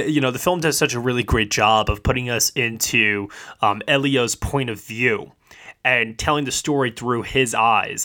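A man hosts a relaxed movie review chat, and his voice has a bright, forward edge. He talks at a middle pitch with plenty of enthusiasm. He keeps tripping over his words and restarting mid-sentence. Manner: enthusiastic, halting with repeated restarts. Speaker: podcast host, film reviewer. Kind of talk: casual film review chat.

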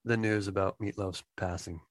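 A man's voice: low-pitched, normal speed. A man in his fifties from New Jersey, a music industry insider telling a casual anecdote and acting out the quotes. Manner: animated storyteller acting out quotes.

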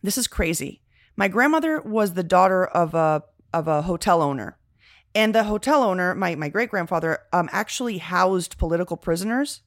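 Animated bilingual woman telling family stories. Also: lowish voice, normal speed, no echo, clean studio sound. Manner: animated storytelling, slips into Spanish. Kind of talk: casual chat.

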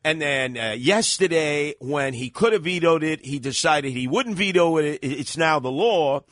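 A man's voice: fairly high pitch, lively intonation, moderate pace, a bit bright, no echo. A man co-hosting a political talk radio show, arguing in a combative, insistent way into a studio microphone. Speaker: radio co-host.

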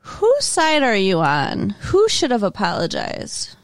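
A woman's voice: fairly high pitch, huge pitch swings, slow, dry recording, studio quality. A woman co-hosting a podcast, recapping a show in chatty, casual talk. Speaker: podcast co-host.

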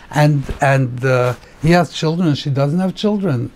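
Male rabbi, Torah class, somewhat high pitch, warm mellow tone, questioning, explanatory. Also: unhurried, hardly any pauses. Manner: explanatory, poses rhetorical questions, mixes in Hebrew terms. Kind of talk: Torah class on the weekly portion.

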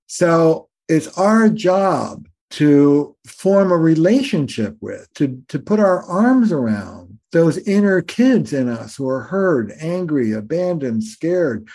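An older man, a family therapist, talking as a guest in a conversational storytelling style, animated and emphatic. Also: on the high side, slow, few pauses.

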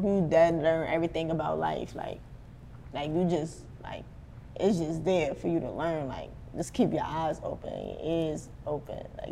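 A woman's voice: fairly low pitch, a little hiss or hum. Brooklyn rapper guest, young woman, easy slangy drawl, long echo. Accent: New York. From Brooklyn, New York. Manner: laid-back slangy talk, trailing off. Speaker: rap duo member, guest. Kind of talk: casual interview chat.

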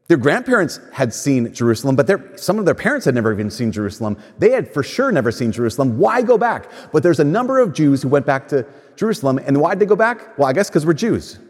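Brief: man, fairly high voice, husky, casual storytelling sermon in a reverberant church. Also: a little mellow. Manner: conversational storytelling, acts out quoted voices.

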